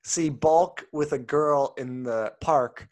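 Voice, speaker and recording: A man's voice: on the high side, takes it slowly, darkish tone. Laughing man retelling scenes in voices. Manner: acts out quoted lines in goofy voices. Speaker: podcast co-host. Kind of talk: casual chat reviewing old TV ads.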